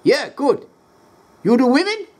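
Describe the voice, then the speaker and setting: A man's voice: extremely high pitch, huge pitch swings, unhurried, a little mellow, voice pushed up, exaggerated voice. A man voicing an eager caller who speaks in broken English. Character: male caller in broken English ordering drugs.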